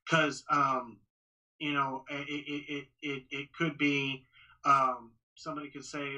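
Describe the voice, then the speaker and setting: The recording is rough, and the man's pitch sits at a medium level. He's a ring announcer from Texas giving a casual podcast interview, excited and fast, with lots of restarts and repeated words.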